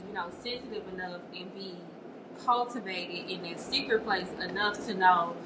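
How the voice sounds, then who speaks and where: A woman's voice: lowish voice, normal speed, far from the mic. A woman sharing a candid personal reflection in a chatty way, often saying "you know". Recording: echoey room, off-mic, noisy.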